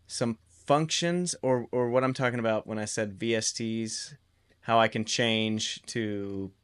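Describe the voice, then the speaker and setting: A man giving a casual home-studio guitar recording tutorial in a relaxed, explanatory way, with loose restarts. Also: fairly low pitch.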